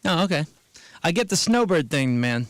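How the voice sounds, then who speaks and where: A man in casual radio banter, an animated and enthusiastic storyteller. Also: fairly high pitch, moderate pace, no echo. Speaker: touring musician guest.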